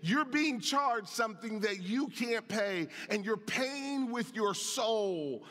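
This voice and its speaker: Bright-voiced preacher in a reverberant hall. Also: male voice, sits high, takes it slowly. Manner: animated preaching, calls out to the congregation; reads and comments on scripture. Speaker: pastor. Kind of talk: sermon. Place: church sanctuary. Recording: long reverb of a large hall.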